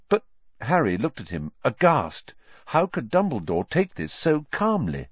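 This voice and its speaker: A man narrating a story audiobook with expressive, varied reading. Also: low-pitched, unhurried, breathy edge, no echo. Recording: dry, slightly dull lo-fi audio.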